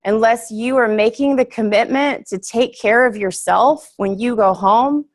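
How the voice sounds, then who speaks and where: A woman's voice: a little high, unhurried. A young woman giving a casual, earnest workshop talk to a group, chatty and full of fillers, laughing easily.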